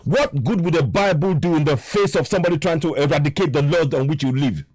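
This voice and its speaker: A man's voice: a little high, fast talker, a little mellow, dry recording. A Nigerian man with a Yoruba-tinged accent, giving a frustrated, impassioned political monologue and repeating himself for emphasis. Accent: Nigerian English, Yoruba. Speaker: online commentator.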